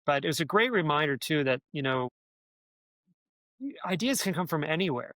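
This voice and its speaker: A man's voice: fairly high pitch, very animated, normal speed, sharp tone, no room sound. A man, a former speechwriter, telling stories in an interview, rambling with many restarts and filler words. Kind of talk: conversational interview storytelling.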